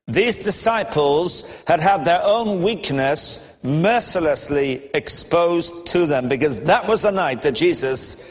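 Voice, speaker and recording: A man's voice: a little high, animated, slow, hardly any pauses, long reverb tail. A male preacher delivering a sermon in a storytelling manner, with wry chuckles.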